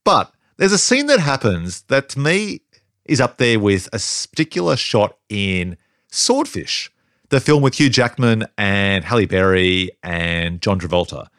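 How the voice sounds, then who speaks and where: A man's voice: lowish voice, very animated, a little slow, fairly bright tone, no echo, studio quality. A man co-hosting a podcast, chatting casually and animatedly about a film, laughing often as he thinks aloud. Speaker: podcast co-host.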